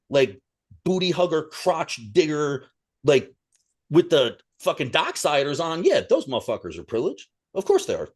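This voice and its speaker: A man co-hosting a podcast in loose, casual chat. He rants with heat and swears constantly, and his voice is a little high for a man. His pitch swings widely as he works himself up. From Italian-American. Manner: heated, profane, ranting. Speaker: podcast co-host.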